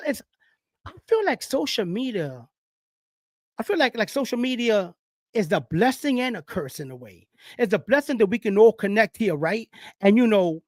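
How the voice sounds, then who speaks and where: A man from the Bronx with a New York accent, hosting a casual live-stream sports talk, rambling and animated, with loud street slang. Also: high voice, no room sound, clean studio sound.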